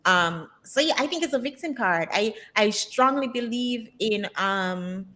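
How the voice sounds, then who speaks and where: A woman guest in a casual interview talks with candor and strong opinions, peppering her answers with um's and likes. Her slightly high voice has lively intonation and a pushed, bright quality at a measured pace.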